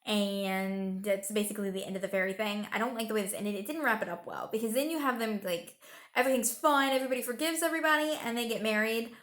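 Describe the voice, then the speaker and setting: A woman's voice: medium pitch, quick pace, few pauses, a bit bright. A young woman giving a casual, rambling movie review. She retells the plot emotionally, with lots of fillers, and sounds tired.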